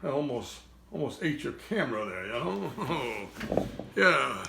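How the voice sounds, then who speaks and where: A man's voice: mid-range voice, sing-song, creaky, heavy background noise. A man doing a wisecracking hard-luck comedian who gets no respect, firing off gag one-liners. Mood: griping. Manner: rapid gag one-liners, "I tell you". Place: home lanai porch.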